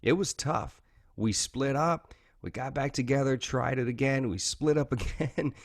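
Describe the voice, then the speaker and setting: A man's voice: mid-range voice, unhurried. A man, talking earnestly and openly as an interview guest, often saying "man" and "you know". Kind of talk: candid interview talk.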